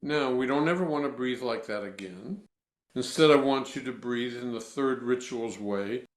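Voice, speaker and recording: A man working as a voice coach, guiding a breathing exercise with slow, deliberate, instructive cues and then answering interview questions. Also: medium pitch, reverberant.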